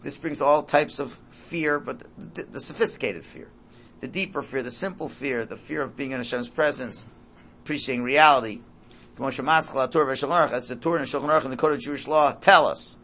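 A man's voice: mid-range voice, moderate pace, bright, forceful tone, slight background noise. A man teaching an informal Torah class, emphatic, repeating his phrases and mixing in Hebrew and Yiddish terms.

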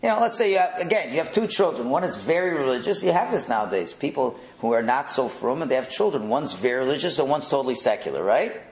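A middle-aged man leading a religious text class, animated, firing rhetorical questions and repeating words. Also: mid-range voice, fast, few pauses, reverberant, low-quality recording. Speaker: religious teacher.

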